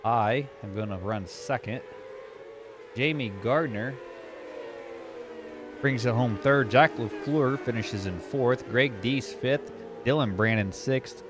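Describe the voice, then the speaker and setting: A man commentating an online sim race he is driving in, narrating the action in casual, excitable chat. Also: medium pitch, takes it slowly, noisy background. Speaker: sim racing commentator and driver.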